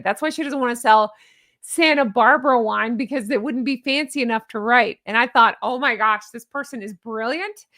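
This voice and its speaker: A woman's voice: fairly high pitch, fairly bright tone, dry recording, clean studio sound. A woman hosting a casual reaction commentary, chatty and sarcastic, laughing at her own jokes. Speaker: YouTube commentary host.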